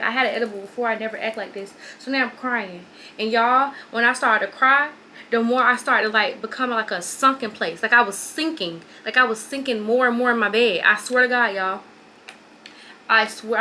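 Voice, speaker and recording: Bright-voiced young woman rambling a storytime. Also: a little high, slight background noise. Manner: rambling, repetitive, animated storytelling. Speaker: vlogger. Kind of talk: storytime vlog while doing hair. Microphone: phone or camera on a stand.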